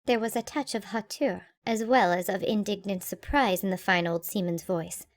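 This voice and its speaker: A woman narrating an audiobook in a calm, even, measured way. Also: mid-range voice.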